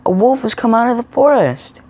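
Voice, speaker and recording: A man voicing a young shepherd boy who shouts for help in a high, frantic voice. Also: sing-song, a little fast, lo-fi sound, full character voice. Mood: panicked yelling. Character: young boy shepherd, bored mischief-maker.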